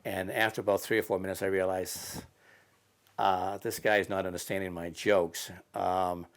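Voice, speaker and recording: A man in an interview, telling stories in a casual, halting way with many fillers. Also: sits low, little pitch movement. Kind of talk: casual storytelling.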